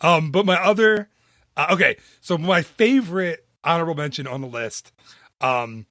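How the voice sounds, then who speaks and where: A man hosting a casual podcast chat into a studio microphone, animated and laughing often. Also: a little high, moderate pace, dry recording. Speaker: podcast host.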